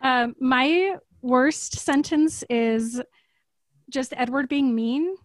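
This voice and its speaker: A woman's voice: sits high, extremely slow, no room sound, studio quality. A woman chatting about a book in a rambling, exasperated way. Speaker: book club podcast co-host. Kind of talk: casual chat.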